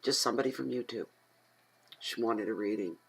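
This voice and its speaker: A middle-aged woman from Atlantic Canada, a tarot reader who rambles and chats casually at home, talking aloud to herself and getting easily excited. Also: very deep voice, fairly quick, vocal fry, breathy edge, rough recording. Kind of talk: casual chatty tarot reading.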